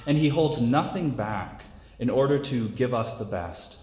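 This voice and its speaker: A man preaching a sermon in an earnest, unhurried way, often repeating words as he goes. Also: medium pitch, animated, a little mellow. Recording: echoey hall with long reverb.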